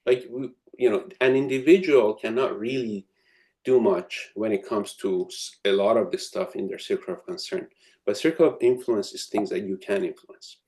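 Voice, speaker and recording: Low-voiced man giving an academic advice talk. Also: normal speed, darkish tone. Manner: thoughtful, many ums and restarts. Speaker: academic speaking to students. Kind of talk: advice lecture with storytelling.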